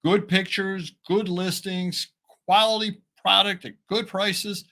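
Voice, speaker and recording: A man co-hosting a live reselling chat, rambling and halting with many fillers, his speech a little slurred. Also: high voice, little pitch movement, sharp tone. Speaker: co-host of a reselling show. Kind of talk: casual live-stream chat.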